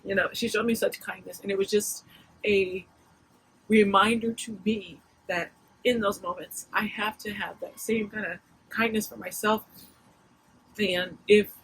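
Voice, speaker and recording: Emotional, halting woman vlogger. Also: mid-range voice, fairly even intonation, fairly bright tone, slightly rough, low-quality recording. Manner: emotional, halting, with many restarts. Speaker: vlogger mom. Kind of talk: casual confessional vlog talk.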